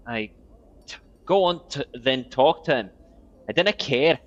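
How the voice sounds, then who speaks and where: This gaming streamer chats casually over his gameplay, swearing freely and drifting into rambling asides. His medium-pitched voice is expressive, fairly bright, and a little slow. The recording sounds dull and lo-fi, with faint game music behind him.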